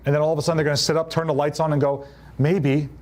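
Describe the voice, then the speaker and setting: Male business coach, live session, fairly high voice, punchy, plays out client dialogue. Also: flat delivery, racing. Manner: punchy, acts out quoted clients in changed voices. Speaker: real estate coach. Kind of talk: live motivational business talk.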